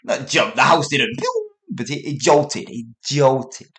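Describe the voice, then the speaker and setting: A middle-aged man, hosting a podcast for learners and telling a story in a casual way. He is animated, mimics sounds with little noises and corrects himself mid-sentence. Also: medium pitch, a little slow. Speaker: English teacher podcast host.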